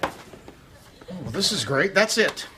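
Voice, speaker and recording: A man's voice: high-pitched, very animated, unhurried, over a noisy crowd. An actor playing an overworked, sarcastic husband and father who keeps cracking jokes. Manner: wisecracking, sarcastic. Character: overworked joking husband and dad. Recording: sitcom audio with loud background noise.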